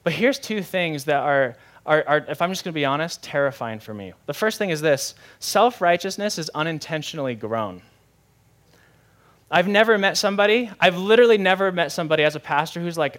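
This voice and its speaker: A man's voice: a little high, lively intonation, brisk, a bit bright. A young adult man, a pastor preaching a sermon in a conversational, candid way with self-deprecating humor.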